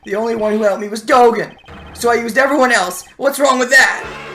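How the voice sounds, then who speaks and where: Young male clown in full meltdown, shrill screaming pleas; man reading it. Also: brisk, pushed and bright, full character voice. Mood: desperate. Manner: screaming, panicked pleading.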